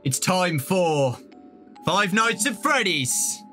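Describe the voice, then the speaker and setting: A young man from Britain talks through a video game, breaking into shouts and excited exclamations. His voice sits very high and rings bright. He talks slowly and draws out his words. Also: faint music behind. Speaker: gaming YouTuber. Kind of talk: let's play commentary.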